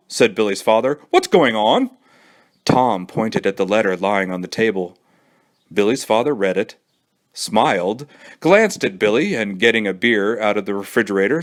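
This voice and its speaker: A man who is a children's librarian, reading a storybook aloud with an expressive storytelling manner. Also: fairly low pitch.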